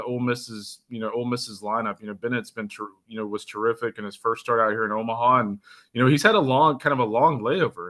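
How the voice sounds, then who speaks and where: A man co-hosting a sports show walks through his analysis in a measured, casual way. His tone is bright and crisp. He leans on filler phrases as he builds each point. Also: mid-range voice. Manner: measured, heavy on "you know" fillers.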